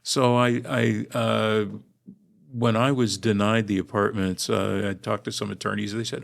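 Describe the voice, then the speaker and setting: A man from Los Angeles, a visiting linguistics professor, telling his story in a measured, articulate podcast interview. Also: fairly low pitch, flat delivery, vocal fry. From Los Angeles, USA. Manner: measured, articulate academic delivery.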